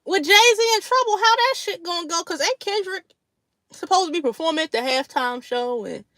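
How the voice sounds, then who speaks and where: A woman's voice: extremely high pitch, animated, normal speed, a bit bright, no echo. A woman hosting a casual livestream chat with her viewers, blunt, slangy and profane, laughing often between remarks. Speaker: livestream host.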